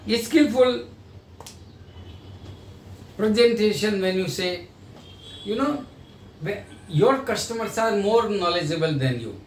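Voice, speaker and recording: Guy teaching sales, kinda high voice, echoey room, sounds far off the mic. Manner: explanatory, acts out sales dialogues. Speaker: pharma sales trainer. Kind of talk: training lecture. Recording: echoey room, voice from a distance, faint noise.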